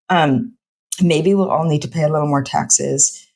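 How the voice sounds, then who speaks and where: A middle-aged woman, a physician and homelessness researcher, speaks passionately in a podcast interview. Her low, darkish voice has vocal fry and a measured pace, and she talks in long run-on bursts packed with "like."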